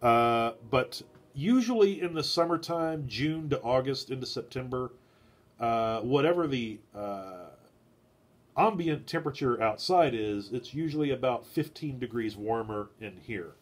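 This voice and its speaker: A man hosting a casual live stream from his garage shed. He rambles, fills pauses with "uh", chats with viewers, and has a stuffy nose. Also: mid-range voice, expressive. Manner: meandering, heavy on "uh" fillers, chats with viewers.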